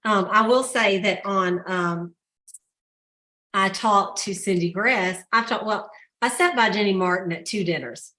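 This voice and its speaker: A woman's voice: mid-range voice, measured pace, sharp tone. A woman hosting a sales team call, telling stories in a chatty way and laughing often. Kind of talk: casual pep talk.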